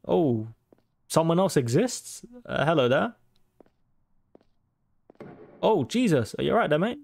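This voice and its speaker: A man's voice: a little high, very animated, a little slow, vocal fry, long pauses, a little mellow, no echo. A man playing a horror game on his channel, swearing constantly, reacting jumpily and reading game text aloud. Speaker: gaming YouTuber. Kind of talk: horror game let's play commentary.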